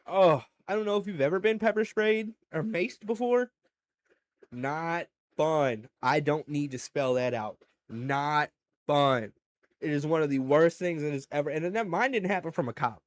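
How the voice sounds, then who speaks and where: A man's voice: fairly high pitch, measured pace. Profane young man rambling on a podcast. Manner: crude, profane storytelling with animated swings in loudness. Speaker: podcast host. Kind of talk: casual solo podcast monologue.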